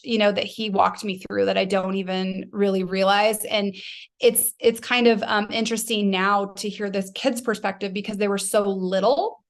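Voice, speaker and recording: A woman in her forties, a podcast guest speaking softly and reflectively, with frequent fillers. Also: medium pitch. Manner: soft-spoken, reflective, with many um and you know fillers. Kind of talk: personal testimony in a podcast interview.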